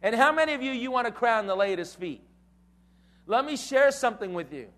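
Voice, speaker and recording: A man's voice: very high-pitched, animated, a little fast, fairly bright tone. A man preaching a sermon, telling stories and calling on the crowd to repeat phrases back to him. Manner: storytelling, engages the crowd with call-and-response. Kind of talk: sermon to a youth audience.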